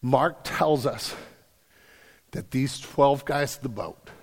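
A young adult man preaching a sermon, telling a story with big swings between loud and hushed. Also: medium pitch, slow, big-room sound. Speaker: pastor.

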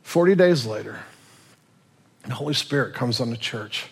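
Animated man preaching a sermon. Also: mid-range voice, normal speed, vocal fry, husky. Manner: animated storyteller, swings from loud to quiet. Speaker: pastor.

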